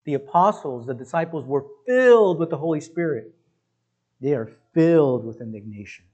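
Male pastor, slightly high voice, punchy and conversational delivery, dull lo-fi sound. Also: lively intonation, normal speed, a little mellow. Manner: emphatic, conversational, often says "listen" and "guys". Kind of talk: sermon.

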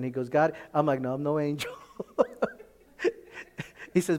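Man, casual storytelling, mellow voice, stammering restarts, long hall reverb. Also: measured pace, long pauses. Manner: animated retelling, quoting others with rising pitch, repeated restarts.

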